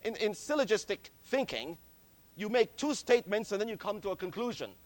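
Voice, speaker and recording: A man preaching a sermon, slow and deliberate, stressing key words and calling his listeners friends. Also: high-pitched, expressive.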